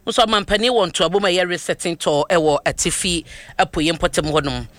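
A woman's voice: on the low side, normal speed, no echo. A woman with a Ghanaian accent co-hosting a current affairs radio show, talking animatedly and switching between Twi and English.

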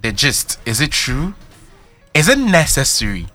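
A man with a Ghanaian accent giving earnest, measured life advice on a radio show. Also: mid-range voice, big pitch swings, bright, forceful tone, faint music behind. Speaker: guest giving life tips.

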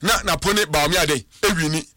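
A man on a radio talk show, a studio guest insisting on his predictions with animated, sing-song emphasis. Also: fairly high pitch, fast, no room sound. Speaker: studio guest giving prophecies.

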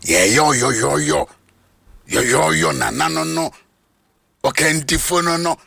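A Ghanaian man preaching a sermon, mixing Twi and English and swinging from low speech to high shouts. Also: measured pace, creaky, husky, no echo, clean studio sound.

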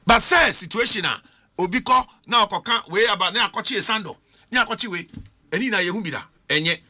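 A man's voice: sits high, brisk, pushed and bright. A man with a Ghanaian accent, a political commentator on a studio panel, arguing with rhetorical questions and switching between English and Twi.

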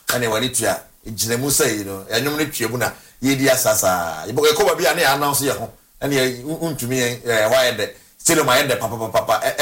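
A man's voice: medium pitch, a bit bright. A man with a Ghanaian accent hosting a live sports broadcast, energetically rattling off sponsor names in repeated bursts. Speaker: sports show host.

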